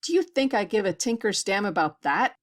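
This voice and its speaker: A tense, clipped male doctor aboard a space station, as a woman reader voices him. He speaks in short, pressured sentences at a mid-range pitch. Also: very animated, fairly quick, lightly acted.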